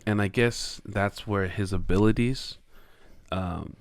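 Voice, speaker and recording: A man co-hosting a podcast, talking through a movie in casual chat, hesitant and pausing often with fillers. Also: on the low side, vocal fry, dry recording, clean studio sound. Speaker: podcast co-host.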